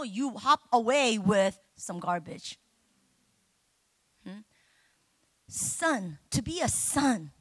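A middle-aged woman delivers a lively sermon in a high, bright voice, joking with the congregation and breaking into loud, emotional cries. The sound is close and dry, with no room echo. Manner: animated and emotional, bursting into loud exclamations; chatty and humorous, talking directly to the congregation. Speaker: preacher.

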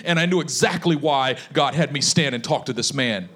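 A male preacher telling a story in a sermon, speaking with passion that builds toward shouting. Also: mid-range voice, moderate pace.

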